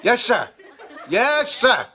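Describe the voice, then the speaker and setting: A man's voice: very high voice, big pitch swings, slow pace, pushed and bright, some chatter behind, full character voice. An actor playing a nervous, hesitant male office employee in a sitcom clip. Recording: sitcom clip with background noise.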